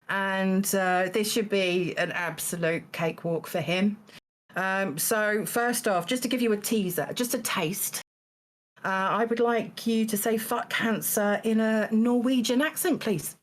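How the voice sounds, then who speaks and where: A woman hosting a live-streamed game show, halting and full of fillers, with dry teasing asides. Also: medium pitch. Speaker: game show host judging contestants.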